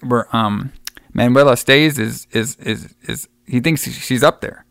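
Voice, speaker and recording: A man's voice: mid-range voice, measured pace, vocal fry, a bit bright, clean tone, no room sound, clean studio sound. A man casually recapping a horror movie plot, rambling and swearing, acting out the characters' lines as he goes. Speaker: podcast co-host.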